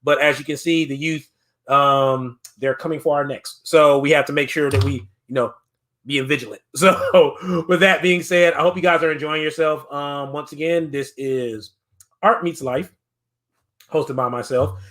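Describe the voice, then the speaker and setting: A man's voice: on the high side, steady tone, normal speed, a bit bright. A man casually hosting a virtual arts showcase, chatty and encouraging, laughing often as he talks. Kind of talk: casual live-stream hosting. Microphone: computer mic on a video stream.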